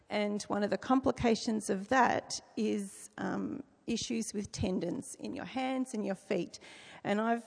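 A woman's voice: medium pitch, creaky, darkish tone, in a large hall. A middle-aged woman giving a personal faith testimony, speaking earnestly and reflectively with frequent hesitations.

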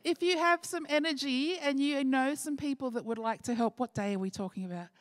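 Church service leader, woman, slightly high voice, dry close recording. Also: fairly quick, no room sound. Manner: warm chatty, laughs often, restarts. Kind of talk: church announcements and prayer.

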